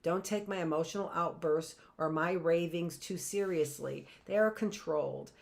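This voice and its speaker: Low-voiced woman reading a novel aloud. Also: gravelly. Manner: measured, expressive literary reading.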